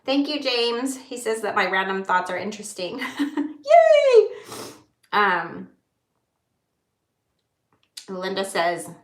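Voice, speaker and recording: A woman in her thirties chatting candidly on a livestream, rambling through her thoughts and pausing to read viewers' comments. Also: mid-range voice, fairly even intonation, bright, forceful tone, roomy sound. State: holding back tears. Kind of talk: casual livestream chat.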